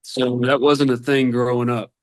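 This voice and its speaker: A man's voice: medium pitch, moderate pace. A man from Arkansas, a podcast guest telling long, rambling hunting stories in a casual way. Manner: rambling, animated anecdotes. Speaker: podcast guest, turkey hunter. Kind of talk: casual storytelling.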